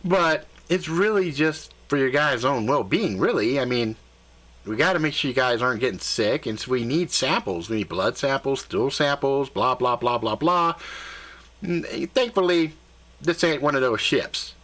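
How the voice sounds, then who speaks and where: A man voicing a casual, reassuring male alien elf guide who explains things quickly and easily. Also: mid-range voice, animated, fairly bright tone, lightly acted. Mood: easygoing. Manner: casual, easygoing, fast explaining.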